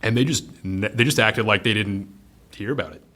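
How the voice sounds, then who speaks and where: A man's voice: lowish voice, normal speed, bright, forceful tone. A man, a pub owner, talking bluntly in a casual interview, swearing freely and laughing through his stories. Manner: blunt and profane, laughs while telling stories.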